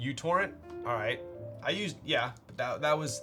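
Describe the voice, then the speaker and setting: A man's voice: mid-range voice, lively intonation, moderate pace, over music. A man streamer talking casually while building a keyboard, rambling and playful, with lots of fillers. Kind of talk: casual live-stream chat.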